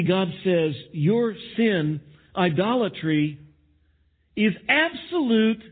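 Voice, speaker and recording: High-voiced preaching man, tinny sound. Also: slightly rough. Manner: animated preaching, mimics voices of others. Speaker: pastor. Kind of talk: sermon.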